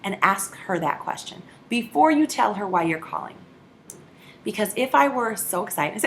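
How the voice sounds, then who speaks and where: A woman giving a sales training talk, acting out both sides of phone calls in a lively way. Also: medium pitch, brisk, slight background noise.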